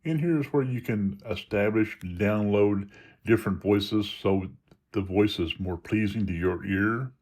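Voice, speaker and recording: A man's voice: lowish voice, a little slow, a little mellow. A man giving a casual tutorial on phone settings, explaining each step in an easygoing way with small restarts. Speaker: video creator demonstrating phone settings. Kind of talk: casual screen-reader tutorial.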